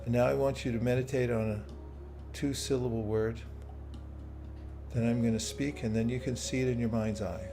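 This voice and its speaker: Guy leading a meditation nice and slow, mellow voice, soft music behind. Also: medium pitch, fairly even intonation. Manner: slow, soothing guidance with playful asides. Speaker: meditation and bhakti yoga teacher. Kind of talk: guided meditation with live chat. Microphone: streaming setup, own audio controls. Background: soft soothing music.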